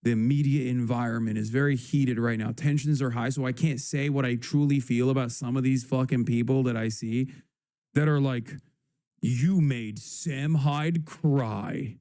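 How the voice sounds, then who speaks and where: A man's voice: mid-range voice, steady tone, normal speed, dark tone, dry recording, studio quality. A man hosting a live stream, ranting in a heated, profane, casual way. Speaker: livestream host.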